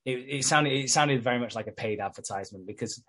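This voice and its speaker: A man talks through a soap episode in loose, chatty podcast fashion. He swears freely, laughs often and drops into quoted voices for the characters. His voice sits at an ordinary middle pitch. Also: quick pace, a bit bright. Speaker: podcast co-host recapping a soap. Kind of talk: casual chat.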